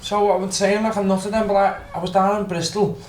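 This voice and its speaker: A man's voice: high-pitched, little pitch movement, fast, a little hiss or hum. A man, a podcast guest telling a rambling, swearing story. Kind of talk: casual storytelling. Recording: echoey room, faint ambience.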